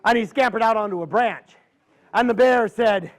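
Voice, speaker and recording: Folksy man telling a campfire tale. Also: high voice. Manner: folksy, dramatic, drawn-out pauses. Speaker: storyteller. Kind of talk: campfire storytelling to a live audience.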